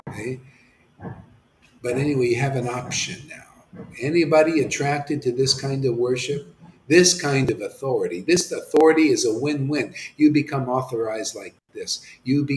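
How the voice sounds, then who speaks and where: A man giving an impassioned devotional sermon as a spiritual teacher. He swings between fervent near-shouts and hushed murmurs, and he talks emphatically and repeats himself, dropping in a slangy "man". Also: medium pitch, reverberant, slight background noise, rough recording.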